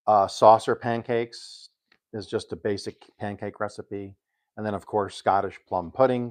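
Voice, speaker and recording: An older man casually chatting on a cooking live stream, rambling and pausing with ums as he reads aloud. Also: fairly low pitch. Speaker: home cook hosting a live stream.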